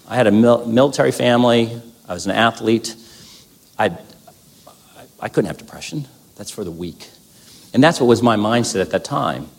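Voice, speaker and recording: A man telling his story to a gathered audience in a candid, self-deprecating way, then reading scripture aloud. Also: medium pitch. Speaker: speaker at a gathering. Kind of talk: personal testimony talk with scripture reading.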